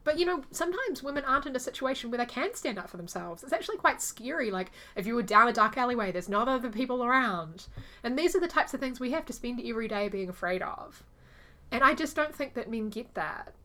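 A fairly high-pitched woman talks at a quick pace while co-hosting a casual podcast. She narrates with lots of energy and imitates the people she's quoting.

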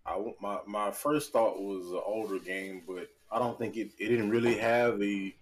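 Animated man joking about gaming. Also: on the low side, normal speed, low-quality recording. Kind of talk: casual chat.

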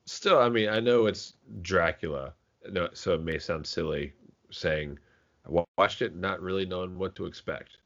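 A man's voice: low-pitched, normal speed, fairly bright tone. A man co-hosting a podcast, chatting casually about movies, rambling with frequent restarts and casual swearing. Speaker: podcast co-host. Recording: dull lo-fi podcast audio.

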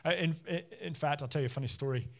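A pastor in his thirties or forties preaches at a church service, his sermon built from chatty personal stories and frequent laughs. His voice runs on the high side, fast and creaky.

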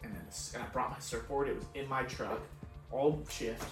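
A man's voice: medium pitch, steady tone, normal speed. A young adult man, a podcast co-host, telling a casual story, laughing often, swearing and acting out his own lines. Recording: echoey room, far from mic, faint music.

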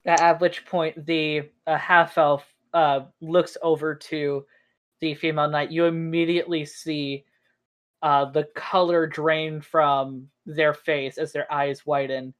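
Game master, rambling narration, slow pace, many fillers. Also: mid-range voice, level tone, fairly bright tone.

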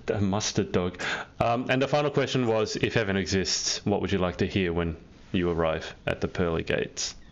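A man hosting a live online interview, playful and quick to laugh. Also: low voice, lo-fi sound. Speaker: interview host.

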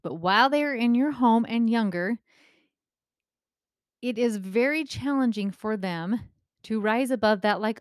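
A woman's voice: a little slow, long pauses, clean tone, no echo, studio quality. A middle-aged woman parenting coach talking casually and directly to parents, acting out quotes and asking rhetorical questions. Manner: animated, acts out quotes with rising pitch. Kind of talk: casual advice monologue.

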